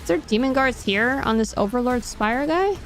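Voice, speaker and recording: A woman's voice: on the high side, animated, moderate pace, faint music behind. A young woman streamer chatting casually and rambling to herself as she plays a game. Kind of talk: casual chat while gaming.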